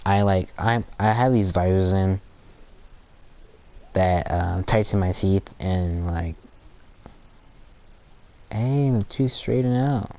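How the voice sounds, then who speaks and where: A teenage boy with a deep, low-pitched voice rambles about friendships in a casual, halting way, stopping and restarting his thoughts. His teeth are sore from aligners, and he sometimes acts out his friends in little quoted voices. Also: darkish tone. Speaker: gaming channel creator. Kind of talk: casual rambling talk while gaming.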